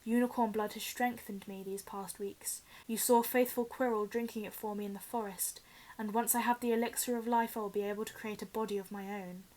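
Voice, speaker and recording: A woman voicing an evil dark lord, a face on the back of a man's head, in a cold, hissing whisper. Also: medium pitch, fairly even intonation, a little fast, close to an everyday voice. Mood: menacing whisper.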